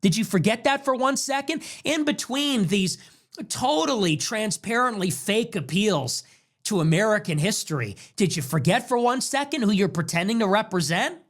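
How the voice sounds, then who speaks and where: A man's voice: sits high, lively intonation, moderate pace, fairly bright tone. A man hosting a political commentary show, combative and sarcastic, firing off one rhetorical question after another.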